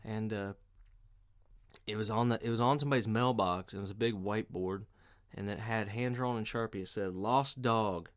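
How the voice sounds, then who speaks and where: A man's voice: on the low side, steady tone, fairly quick. A man hosting a podcast, telling casual comic stories in a profane, rambling, mocking way. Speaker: podcast host. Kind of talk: casual comedic storytelling.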